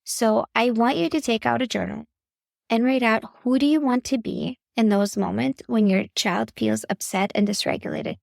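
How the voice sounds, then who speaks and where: Earnest woman coach, close dry gravelly voice. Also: on the high side, normal speed, no echo. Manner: earnest, instructive, addresses listener directly. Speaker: podcast host and parenting coach. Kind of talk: faith-based coaching talk.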